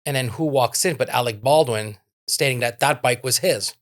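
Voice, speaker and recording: A man with a middle-pitched voice telling a meandering anecdote on a casual podcast. He rambles through fillers and restarts and giggles along the way. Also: moderate pace, a bit bright. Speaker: podcast co-host. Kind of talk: casual chat, telling a story.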